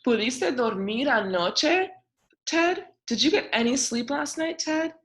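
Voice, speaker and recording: A woman's voice: high-pitched, lively intonation, a little slow, a bit bright, pitched above the performer's own voice. A woman voicing a big, friendly male dog in a bilingual storybook read-aloud.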